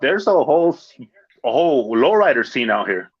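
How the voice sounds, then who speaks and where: A man's voice: medium pitch, sing-song, moderate pace, breathy edge, dry recording, lo-fi sound. A man chatting casually as a podcast guest, laid-back and full of slang, telling stories with acted-out quotes. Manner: laid-back slang, lots of "dog" and "fool". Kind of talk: casual chat.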